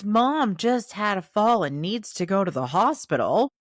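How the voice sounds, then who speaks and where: A woman co-hosting a casual recap chat, talking in an exasperated, animated way. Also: medium pitch, moderate pace, hardly any pauses, no room sound, clean studio sound. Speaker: podcast co-host.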